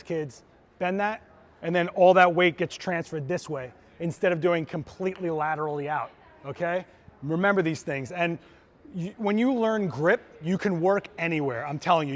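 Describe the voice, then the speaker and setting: A man who is a photographer giving a live gear demo on a trade show floor. He talks in a casual, enthusiastic, chatty teaching manner. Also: sits high.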